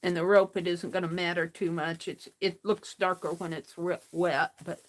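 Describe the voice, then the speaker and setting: This woman's steady voice sits on the low side. She runs a craft livestream, talking casually and taking her time, murmuring to herself while she works.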